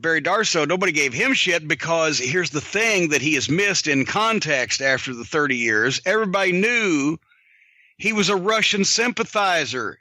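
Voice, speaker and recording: A man's voice: sits high, pushed and bright, no room sound. A man in his fifties hosting a podcast, telling profane wrestling-business stories with lots of "uh" fillers. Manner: profane storytelling with many filler words. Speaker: podcast host answering listener questions. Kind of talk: casual podcast chat.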